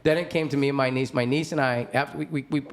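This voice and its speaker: A man's voice: fast talker, a little hiss or hum. A middle-aged man hosting a podcast, telling a story in casual chat, swearing often, laughing as he talks and acting out other people's voices. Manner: profane, animated, laughing storyteller; acts out other people's voices with big pitch jumps. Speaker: podcast host.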